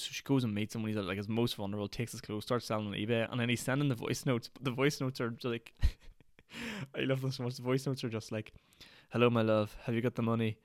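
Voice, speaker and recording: Brief: Northern Irish male podcast host, ranty and rambling, lowish voice, rapid delivery. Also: dry recording, clean studio sound. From Northern Ireland. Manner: rambling, ranty, heavy use of "like". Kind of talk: solo podcast rant.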